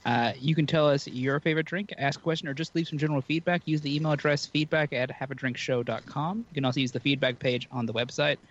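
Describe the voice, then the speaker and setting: A man's voice: on the high side, fairly even intonation, fast talker, few pauses. A man co-hosting a casual drinks podcast, bantering loosely and a bit tipsy. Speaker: podcast co-host. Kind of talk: casual chat. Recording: dull lo-fi sound.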